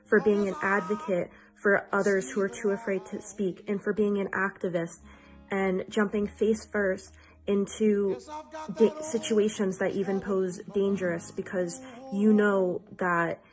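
A woman's voice: mid-range voice, little pitch movement, a little slow, soft background music. A woman giving an earnest, emotional get-well message to a friend, repeating herself for emphasis.

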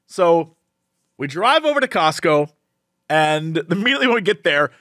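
This young podcast co-host has a fairly high voice and a moderate pace, recorded in a studio with no room sound. Chatting casually, he tells a funny family story and animatedly acts out his relatives' voices.

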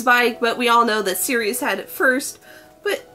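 A woman's voice: fairly high pitch, normal speed, bright, forceful tone, faint music behind. Gushing, gasping unboxing woman. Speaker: unboxing vlogger. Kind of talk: excited unboxing chat.

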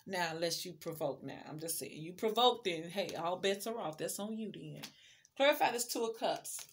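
A woman's voice: on the low side, expressive, normal speed, slight background noise. A woman giving a casual tarot reading, chatty and emphatic, speaking straight to the viewer. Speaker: tarot card reader.

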